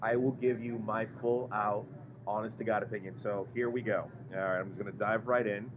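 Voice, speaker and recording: A man's voice: on the low side, a little fast. Enthusiastic male host for a live taste-test stream, repetitive and gushing, recorded on a dull mic with a noisy restaurant behind. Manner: excitable, gushing, repeats words. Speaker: podcast host doing a live food review. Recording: muffled live stream with background noise.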